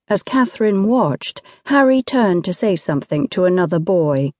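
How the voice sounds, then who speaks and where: A woman with a fairly low voice narrates an audiobook, giving a measured, expressive reading of scripted text. The recording is dry and studio quality.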